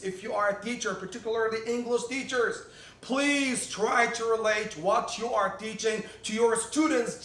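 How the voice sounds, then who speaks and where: A man's voice: high-pitched, fairly bright tone, roomy sound. A man, a teacher, giving motivational classroom tips to other teachers, emphatic and repeating key words for stress.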